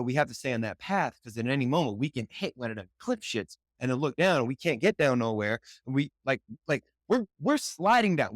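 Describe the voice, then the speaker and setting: A man from New York City, a podcast guest, excitedly telling a personal story in slangy speech and acting out what he said back then. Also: fairly high pitch, dry recording, clean studio sound. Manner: slangy, excitable, acts out his own past lines.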